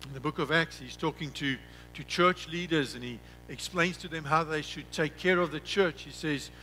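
A man preaching a sermon as pastor, who slows down and drops his voice on key words and repeats himself when telling a story. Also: a little high, pushed and bright, faint music behind, poor audio.

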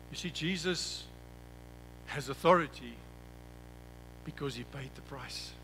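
A man preaching a sermon as pastor, who slows down and drops his voice on key words and repeats himself when telling a story. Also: mid-range voice, a bit bright, a little hiss or hum, rough recording.

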